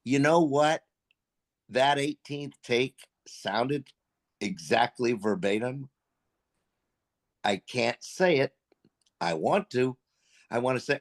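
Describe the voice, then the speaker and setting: Older man, voice actor guest, casual storytelling, profane, animated, middle pitch. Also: takes it slowly, pauses often. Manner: profane, animated, acts out quotes.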